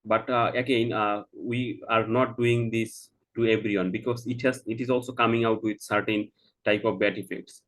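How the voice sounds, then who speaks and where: A man with a fairly low voice plays a doctor in a practice consultation. He reassures the patient in halting sentences full of filler sounds. He keeps checking whether he has been understood. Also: steady tone, fairly bright tone, poor audio. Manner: halting, heavy "uh" fillers, slow explaining; checks understanding with "Do you get me?". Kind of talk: mock doctor-patient role-play.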